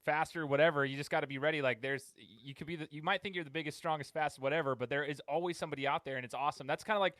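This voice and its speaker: Quick-talking male podcast host. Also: on the high side, dry recording. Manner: relaxed, conversational, chatty with fillers. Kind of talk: casual interview chat.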